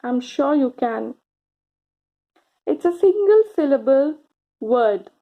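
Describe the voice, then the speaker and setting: A woman teaching grammar to children, speaking slowly and encouragingly, stretching out key words and pausing for answers. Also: high voice, lively intonation, narrow, tinny audio. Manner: slow, encouraging, drawn-out words with pauses for answers.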